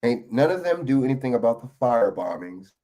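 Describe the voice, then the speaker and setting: A man's voice: medium pitch, very animated, fairly quick, dark tone. A man giving heated, profane reaction commentary on a political video clip.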